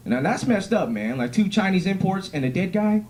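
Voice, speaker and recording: A young man doing a stand-up comedy set on a club stage, with a punchy, swaggering delivery. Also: normal speed. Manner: punchy, swaggering delivery with lively pitch swings.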